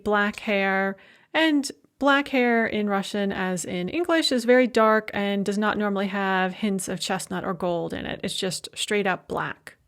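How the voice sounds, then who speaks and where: A woman professor giving a recorded lecture, explaining points in a clear teaching tone. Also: medium pitch.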